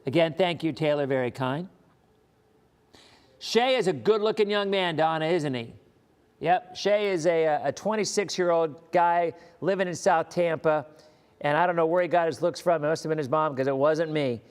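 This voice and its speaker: A middle-aged man with a fairly high voice gives a live weather broadcast. He sounds reassuring and emphatic, and he repeats his key points. A long reverb trails after his voice. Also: moderate pace, clear, resonant tone. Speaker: TV meteorologist. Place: live stream studio.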